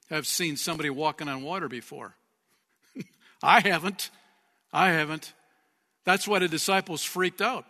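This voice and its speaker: A man preaching with a bright, forceful voice that sits a little high for a man. He talks in a lively, conversational way, chuckling often between points. His voice rings out with a long reverb from a church hall. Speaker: pastor. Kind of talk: sermon.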